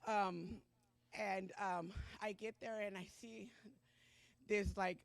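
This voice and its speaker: A middle-aged woman shares her testimony at a Sunday church service, her voice dry and close with little room sound. She speaks at a middle pitch, halting and emotional, with pauses and fillers. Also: steady tone, creaky, no echo. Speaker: church member giving testimony.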